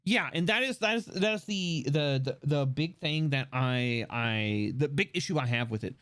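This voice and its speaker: Lively young male streamer, dry close mic. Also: on the high side, no echo. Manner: joking, laughs often, halting restarts. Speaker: streamer host. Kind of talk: casual livestream chat.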